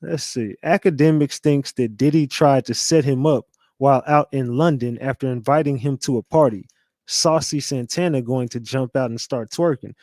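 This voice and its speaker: A man hosting a live reaction stream, talking animatedly, swearing often and shouting out viewers. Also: mid-range voice, moderate pace, no echo, clean studio sound.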